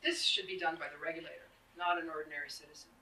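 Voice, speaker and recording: A bright-toned woman in her fifties gives a public presentation. She talks in an earnest, plain-spoken way and acts out the exchanges she describes. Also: low voice, steady tone, rapid-fire, slight background noise, poor audio. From Canada. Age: 50s.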